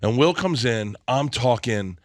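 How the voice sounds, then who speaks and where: A man's voice: mid-range voice, lively intonation, unhurried, dry recording, clean studio sound. A man telling a long comic story on a podcast, acting out the voices and laughing through it. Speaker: storytelling guest.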